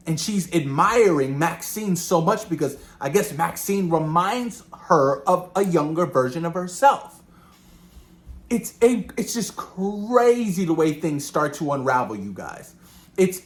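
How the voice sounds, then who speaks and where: A man talking through a movie he just watched, loose and rambling, with a voice pitched a little above the usual for a man. He stumbles over and repeats words and slips into quick impressions of what people said. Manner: animated, rambling, repeats words, acts out quotes. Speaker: movie reviewer. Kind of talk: casual film review vlog.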